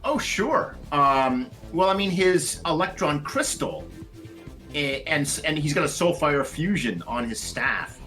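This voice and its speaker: A woman playing in a tabletop game, with a notably low voice that still comes across bright and forward. Her pitch swings widely as she talks, eager and upbeat, with faint music behind her. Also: big pitch swings, measured pace. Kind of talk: casual play at the table.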